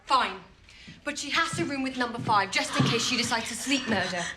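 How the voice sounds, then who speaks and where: An actress playing a blunt, deadpan middle-aged woman in charge in a TV series. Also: on the high side, a little fast, loud music behind the voice, lightly acted.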